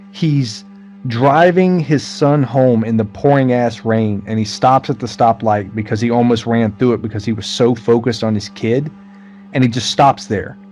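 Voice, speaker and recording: A man's voice: mid-range voice, darkish tone. Blunt, swearing man retelling a film. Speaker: podcast co-host. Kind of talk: casual movie recap chat.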